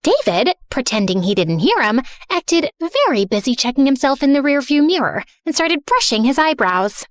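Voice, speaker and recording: Young woman telling her story, high bouncy voice, sassy and sarcastic. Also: very animated, moderate pace, few pauses, no echo. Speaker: narrator and heroine. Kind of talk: first-person animated story narration.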